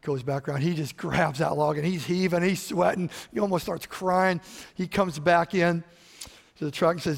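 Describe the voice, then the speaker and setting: A middle-aged man preaching a sermon, telling stories and switching between loud emphasis and quiet asides. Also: a little high, moderate pace, gravelly. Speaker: pastor. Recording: long hall reverb.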